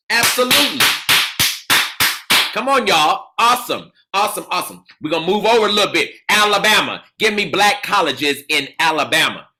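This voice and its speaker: A man leading an audience in an energetic call-and-response lecture, cheering answers and repeating them with excitement. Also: sits high, heavy background noise. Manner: exuberant, repeats cheers like "come on" and "absolutely".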